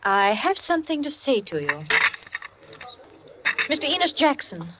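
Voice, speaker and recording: A stern, commanding rich hostess. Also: female voice, high voice, big pitch swings, measured pace, very noisy. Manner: firm, clipped commands. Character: wealthy hostess, commanding and resolute. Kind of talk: 1940s radio drama acting. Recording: muffled lo-fi old radio broadcast.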